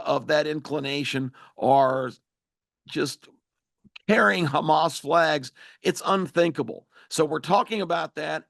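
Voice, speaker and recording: A man's voice: a little high, vocal fry, fairly bright tone, dry recording, studio quality. A man hosting a talk radio show, giving emphatic, opinionated political commentary.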